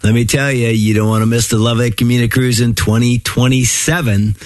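A man's voice: mid-range voice, level tone, brisk, no room sound. A man co-hosting a radio show, reading a promotion in an upbeat way. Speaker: radio co-host. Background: soft music bed.

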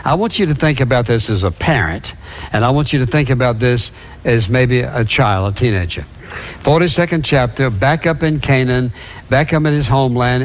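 A man preaching a sermon, reading scripture and retelling it in a conversational way with asides. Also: mid-range voice.

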